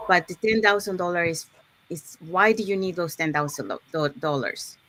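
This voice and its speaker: A woman's voice: fairly low pitch, moderate pace, a bit bright. A woman hosting an online live session, explaining goal setting step by step, with frequent "okay"s and restarts. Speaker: host.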